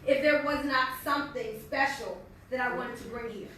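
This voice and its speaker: A bright, high-voiced American woman who leads in network marketing gives a motivational speech. She talks fast, earnest and faith-filled, in a large echoey meeting hall. The recording is echoey and distant, with slight background noise.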